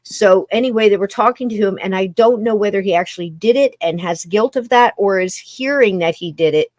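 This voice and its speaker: A woman's voice: mid-range voice, fairly quick, darkish tone, no room sound. A woman hosting a podcast in casual conversation, chatty and rambling, often tripping over her words. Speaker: podcast host.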